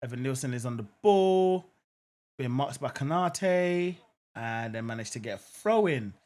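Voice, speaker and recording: With a mid-range voice and an unhurried pace, a young English host runs a live football watchalong, narrating the match and talking casually with viewers. He fills gaps with "um" and "I'm not gonna lie," repeats phrases, and erupts in excitement at near-misses.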